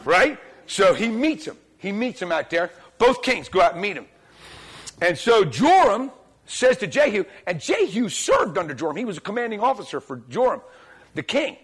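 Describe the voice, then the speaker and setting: A man preaching a sermon to a congregation in church, telling the story in a lively, colloquial way and acting out the dialogue. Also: sits high, moderate pace, slightly rough. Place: church, speaking before a congregation.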